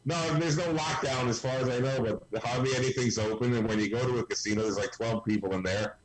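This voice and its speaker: A man in his sixties chatting as a guest on a video call, cracking deadpan jokes. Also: medium pitch, fast, a loud crowd, rough recording. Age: 60s. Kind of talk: casual video call chat.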